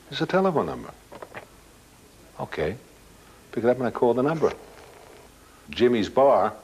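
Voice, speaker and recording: An older man casually telling a personal anecdote as a guest, halting at times and acting out dialogue. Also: medium pitch, breathy edge, poor audio. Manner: plain-spoken, halting, with restarts and quoted dialogue. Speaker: guest storyteller.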